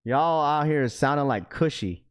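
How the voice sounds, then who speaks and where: Slow, animated slangy young man. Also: a little high, clean tone. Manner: slangy, laughs often, loose rambling talk to chat. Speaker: livestream host. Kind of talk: casual live-stream chat.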